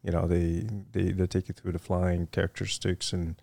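A middle-aged man with a Vietnamese accent, talking in a loose, rambling way and leaning on "you know" as he tells his story. His voice sits very low with a gravelly fry to it. The recording is dry and close. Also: normal speed, no echo. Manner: relaxed, rambling, heavy fillers like "you know". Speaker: interview guest, retired Marine fighter weapons officer. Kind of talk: casual interview storytelling.

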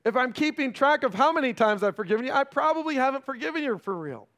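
A pastor preaching a sermon in a conversational way, often checking in with the congregation and dropping to a hushed, slow delivery for emphasis. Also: male voice, very high-pitched, lively intonation. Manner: swings between raised emphasis and hushed, slowed delivery.

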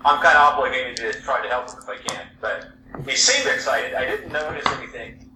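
A man's voice: medium pitch, expressive, fairly quick. A man playing a tabletop role-playing game, talking in character with earnest stammering. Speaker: player. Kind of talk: tabletop role-play chat. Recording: distant mic in echoey room with noise.

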